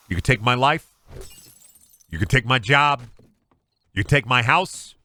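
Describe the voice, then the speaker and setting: A man's voice: medium pitch, expressive, a little slow, sharp tone, dry recording. A man streaming a game, chatting casually and ranting in a joking way with a lot of swearing. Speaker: gaming streamer. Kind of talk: casual live-stream chat.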